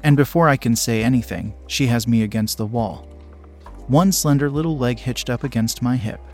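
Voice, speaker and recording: A young man narrating an adult story in first person, reading in a low, steady, unhurried way. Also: soft background music.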